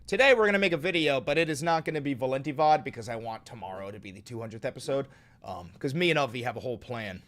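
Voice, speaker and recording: A man hosting a casual livestream, joking with chat, swearing freely, swinging between loud and quiet talk at a home microphone. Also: mid-range voice, animated, fast. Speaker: livestream host. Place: home room. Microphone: studio microphone.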